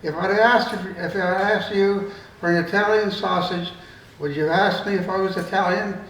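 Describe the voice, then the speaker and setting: A man's voice: high-pitched, normal speed, fairly bright tone, slight background noise, pitched above the performer's own voice. An older man voicing an indignant, argumentative Irishman at a store counter in a told joke. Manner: indignant, insistent, rising. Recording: roomy room, mic far off.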